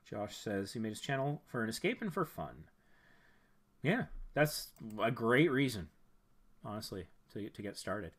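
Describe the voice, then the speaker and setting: A man hosting a casual live stream, reviewing viewers' channels. He thinks out loud, rambles a bit with fillers and restarts, and gives friendly advice. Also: on the low side, big pitch swings, measured pace, slightly rough.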